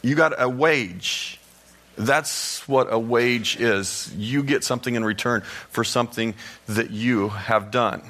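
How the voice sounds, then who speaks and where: A male pastor preaching a sermon with a bright, forceful tone. He talks conversationally, telling stories and throwing quick asides to his listeners. His pitch sits in an ordinary middle range. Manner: conversational storytelling, lively asides to the audience.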